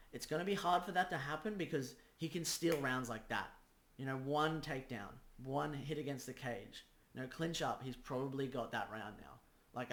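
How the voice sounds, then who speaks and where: A man's voice: medium pitch, a bit bright, echoey room. A man giving a casual fight breakdown, acting out scenarios play by play. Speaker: combat sports analyst.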